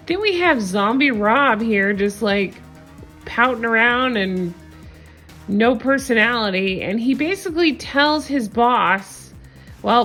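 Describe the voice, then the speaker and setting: A woman's voice: a little high, fairly bright tone. Chatty gossipy woman recapping TV. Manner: frank, gossipy, laughs often, swears casually. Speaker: TV recap vlogger.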